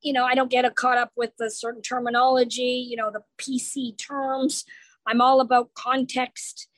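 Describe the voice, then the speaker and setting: A woman comedian talks in a relaxed interview, her voice high and bright. She slips into the voices of the people in her stories as she tells them. The sound is dry and close, with no room around it. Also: normal speed, dry recording, poor audio. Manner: animated storyteller acting out quoted people. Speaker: comedian guest. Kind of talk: casual interview chat.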